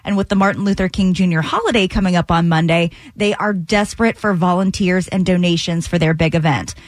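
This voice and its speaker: Lady reading local news on the radio, steady, dry studio sound. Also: on the low side, brisk, no room sound. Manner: steady, informative delivery. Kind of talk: scripted news read.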